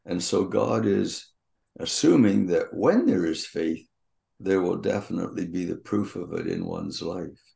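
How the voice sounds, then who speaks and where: An older man teaching from the Bible at an unhurried pace, his voice low and gravelly with a dark, mellow tone. He reads the verses aloud in a measured, deliberate way.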